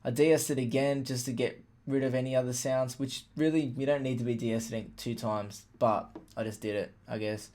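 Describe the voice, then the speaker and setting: A man's voice: medium pitch, a little fast, hardly any pauses. Laid-back man explaining his beat. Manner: relaxed, plain-spoken, fillers like "like" and "literally". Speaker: music producer explaining a beat. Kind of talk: casual tutorial walkthrough. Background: faint playback of his beat.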